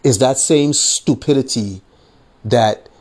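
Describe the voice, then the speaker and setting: Speaking slowly in a medium-pitched, darkish voice, a man hosts a podcast and rants casually about politics. Swearing runs throughout alongside a repeated "you know what I'm saying," and he mocks the voices he quotes while laughing at what he's just said.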